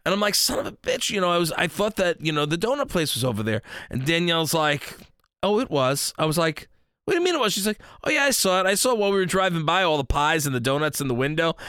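A man in casual chat, rambling through an animated story, quoting himself and others along the way. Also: on the high side, fast, clear, resonant tone, no echo, clean studio sound.

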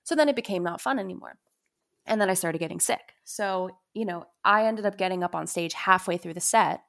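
A young woman with a gravelly, slightly low voice speaks candidly in an interview. She tells her story in a confessional, unpolished way, leaning on "you know" and "like" as she goes. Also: brisk, fairly bright tone. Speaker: musician guest.

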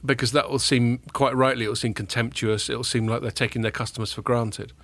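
A man's voice: medium pitch, steady tone, fast, a bit bright. A man hosting a casual podcast chat, talking in a loose, joking way with the odd swear word. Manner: chatty, jokey, swears casually. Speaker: podcast host, tech journalist.

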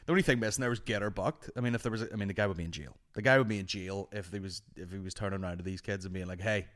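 Sweary podcast host. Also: male voice, deep voice, steady tone, rapid-fire, a bit bright. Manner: sweary, laughing, rambling. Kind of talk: casual comedy chat.

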